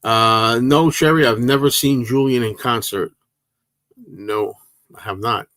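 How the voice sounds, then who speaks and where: A man's voice: medium pitch, measured pace, fairly bright tone, dry recording. A man in his sixties hosting a livestream, answering viewers in a casual, rambling way with many hesitations and restarts. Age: 60s. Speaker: livestream host.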